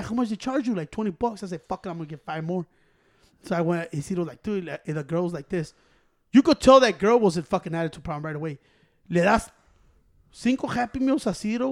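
High-voiced man telling a rowdy story. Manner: profane, animated storytelling, switching into Spanish and acting out quoted people. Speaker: storyteller among friends. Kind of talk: casual chat.

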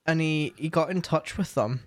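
A man's voice: on the high side, moderate pace. A young man chatting casually as a streamer, rambling with lots of fillers and restarts. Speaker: streamer and co-host. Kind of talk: casual chat.

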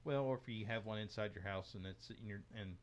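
A man's voice: on the low side, fast. A man hosting a casual tech podcast, reading news items aloud with frequent fillers and restarts. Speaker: podcast host.

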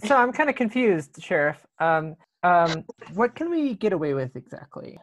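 A woman's voice: on the low side, very animated, moderate pace, a little hiss or hum. A woman player in a tabletop game over a video call, asking questions with chuckling asides. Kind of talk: tabletop role-play chat.

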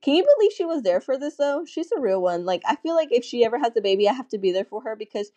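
Candid young woman with a warm, mellow voice. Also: fairly high pitch, very animated, fast, dry recording. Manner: candid storytelling, acts out quoted voices, frequent "like". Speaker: podcast guest. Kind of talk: casual chat.

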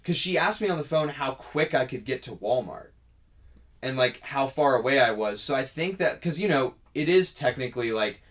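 A man's voice: medium pitch, normal speed. A young man co-hosting a podcast, telling a long story in casual chat and acting out the people in it. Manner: animated storytelling, acts out quoted people. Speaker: podcast co-host.

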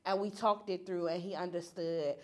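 Animated woman telling a personal story. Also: fairly low pitch, normal speed. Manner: animated, emphatic, laughs often. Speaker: group participant sharing a story.

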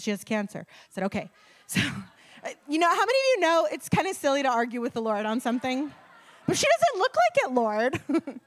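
A woman preaching a sermon, telling a healing story in an animated way, sometimes dropping her voice low. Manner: animated storytelling, drops to whispers. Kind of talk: sermon with testimony.

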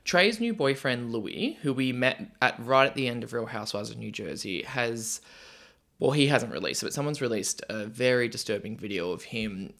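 A man's voice: medium pitch, expressive, moderate pace, vocal fry, fairly bright tone. Podcast host guy, chatty, voice bounces up and down a lot. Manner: chatty, storytelling. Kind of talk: casual chat.

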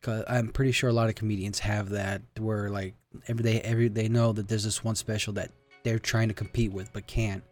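A man's voice: lowish voice, little pitch movement, a little fast, a little mellow, soft background music. Rambling man in casual solo chat. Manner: rambling, swearing, emotional.

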